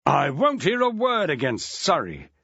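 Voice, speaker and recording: A man's voice: fairly high pitch, wildly swooping pitch, unhurried, vocal fry, sharp tone, slightly rough, dry recording, muffled recording, exaggerated voice. A man reading an audiobook, voicing a wry, theatrical male schoolteacher with a dry, mock-grand way of talking. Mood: sardonic.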